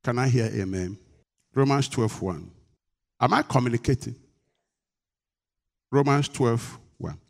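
A man preaching a sermon as pastor, emphatic, with call-and-response questions to the congregation and bursts of rising pitch and volume. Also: a little slow, vocal fry, long pauses, a little mellow.

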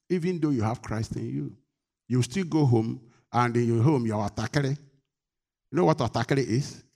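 A man preaching a sermon as pastor, emphatic, with call-and-response questions to the congregation and bursts of rising pitch and volume. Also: vocal fry.

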